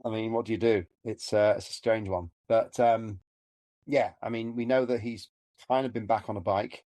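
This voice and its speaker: A low-pitched man with a West Country English accent talks loosely on a podcast, full of ums and restarts. His voice sits close and dry, with no room sound around it. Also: steady tone, normal speed, darkish tone, no room sound. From Gloucester, England. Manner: chatty, rambling, lots of ums and uhs. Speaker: podcast co-host and commentator. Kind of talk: casual podcast chat.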